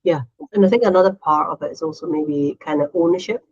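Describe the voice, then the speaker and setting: A middle-aged woman co-hosting a casual chat, animated, often acting out quotes in a higher voice. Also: fast, breathy edge, lo-fi sound. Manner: animated, acts out quotes in a high voice. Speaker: podcast co-host.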